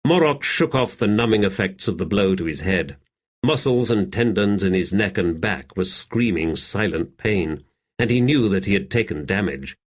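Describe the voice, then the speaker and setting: A man narrating a fantasy audiobook in a steady, measured reading. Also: fairly low pitch. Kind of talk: scripted narration.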